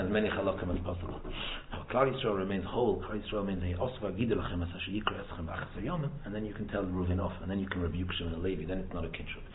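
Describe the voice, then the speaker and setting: A man's voice: low-pitched, very noisy. A man giving an informal Torah lesson as a rabbi, repeating words and restarting, mixing in Hebrew and Yiddish terms. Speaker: rabbi teaching a Torah talk. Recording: tinny phone-like echoey room recording.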